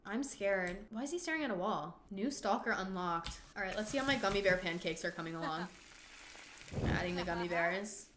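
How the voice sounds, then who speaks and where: A woman hosting a casual let's-play, talking excitably to her viewers, with gasps, exclamations and swearing at the game. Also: medium pitch, a little fast, few pauses, noisy background. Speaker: gaming channel host. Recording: echoey room.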